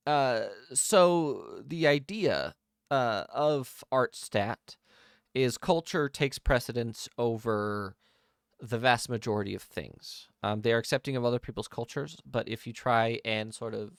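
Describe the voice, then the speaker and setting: A man with a smooth, mid-range voice acts as game master, narrating and explaining a tabletop game world in a relaxed manner with many pauses. The recording is dry and studio quality.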